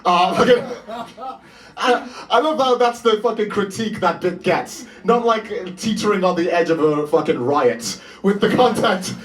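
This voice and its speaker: A man's voice: sits high, expressive, normal speed, recorded from a distance. A man, doing a live stand-up set with a dry, self-mocking delivery. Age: 20s. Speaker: stand-up comedian. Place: small bar venue with live audience.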